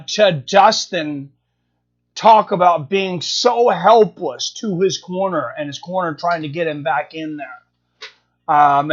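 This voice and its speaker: A man's voice: high voice, fairly bright tone. A man hosting a live stream, chatting casually and answering viewer comments, thinking aloud with lots of fillers and restarts. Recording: dull lo-fi stream audio.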